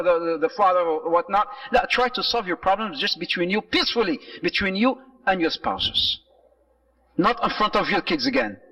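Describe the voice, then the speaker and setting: A man giving an Islamic lecture, telling stories in an animated way and mixing Arabic phrases into his English. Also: high voice, recorded from a distance, low-quality recording. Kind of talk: sermon-style lecture.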